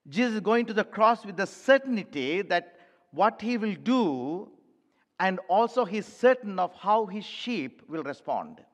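A male pastor delivers an emphatic sermon, his voice sitting high for a man. He speaks straight to the congregation, calling them church. The sound carries a long reverb from a large sanctuary. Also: lively intonation, a little slow.

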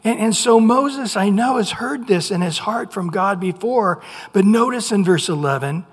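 A pastor preaching a sermon in an animated way, full of restarts and rhetorical questions. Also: mid-range voice, normal speed, husky. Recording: long hall reverb.

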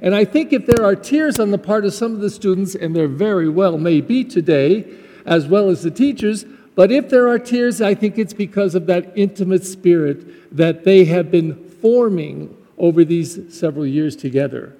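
A man's voice: high voice, expressive, normal speed, dark tone, big-room sound. A man, a Catholic pastor, giving a graduation Mass homily in a church, talking in a heartfelt, conversational way with frequent restarts.

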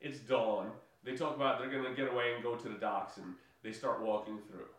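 A man's voice: mid-range voice, steady tone, brisk, fairly bright tone, far from the mic. A man recaps a movie in loose podcast chat, full of fillers, restarts and laughter. He sits away from the mic, and the room rings with heavy echo. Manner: rambling, many fillers and restarts, laughs often. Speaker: podcast co-host.

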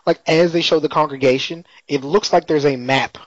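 A man's voice: fairly high pitch, steady tone, moderate pace, dry recording. A man in casual chat, retelling a TV episode in a laid-back, slangy way with frequent laughs. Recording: dry, slightly muffled lo-fi audio.

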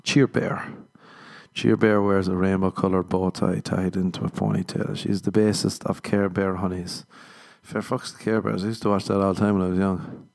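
A man's voice: deep voice, flat delivery, moderate pace, gravelly, a little mellow. A young man hosting a solo podcast, rambling crudely and laughing at his own jokes. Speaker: podcast host. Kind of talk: casual solo podcast banter.

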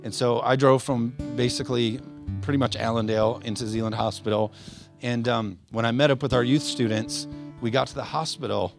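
A man's voice: medium pitch, steady tone, brisk, gravelly. A man preaching a sermon as pastor in a church service, speaking earnestly and with passion, with many fillers and restarts. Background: soft guitar playing.

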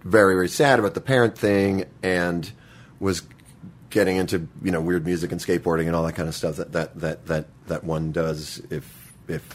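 Halting low-voiced man telling stories. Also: steady tone, a little hiss or hum. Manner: halting, many restarts, swears freely. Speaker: guest. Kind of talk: casual storytelling.

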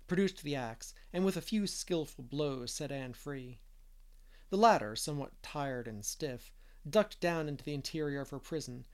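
A man reading a classic novel aloud as an audiobook narrator, steady and measured. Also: on the high side. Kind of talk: scripted narration.

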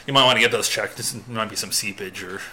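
A man's voice: lowish voice, quick pace, bright, forceful tone. A man hosting a podcast, chatting casually and teasing, laughing often. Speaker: podcast host. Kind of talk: casual comedic banter.

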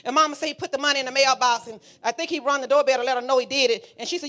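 A woman's voice: high voice, fairly even intonation, very fast, sharp tone. A woman pastor, preaching a fiery sermon and calling out to the congregation. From Alabama. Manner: fiery, preaching with call-and-response.

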